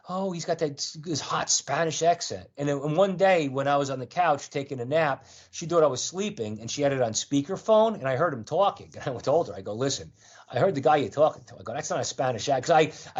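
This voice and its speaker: Husky-voiced man telling a rambling story. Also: mid-range voice, lo-fi sound. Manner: rambling, earnest, many restarts and fillers. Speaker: call-in guest. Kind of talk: storytelling in conversation.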